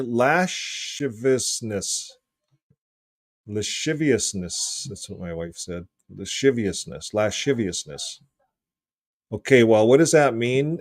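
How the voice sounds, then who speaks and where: A man hosting a casual video, reading from a book and joking, clearing his throat often, with his voice getting hoarse. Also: medium pitch, a little mellow, dry recording, studio quality. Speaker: video host.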